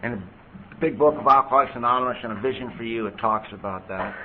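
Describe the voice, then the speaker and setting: A man's voice: mid-range voice, fast talker. A man sharing his personal recovery story at a meeting, in a conversational way with lots of "you know.". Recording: tinny phone-like tape with faint hiss.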